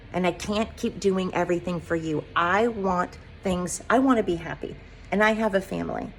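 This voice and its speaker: A woman's voice: fairly low pitch, slight background noise. Fired-up woman ranting on her podcast. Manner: impassioned ranting with rapid-fire rhetorical questions; rambling, self-described digressive. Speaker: podcast host. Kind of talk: solo podcast monologue.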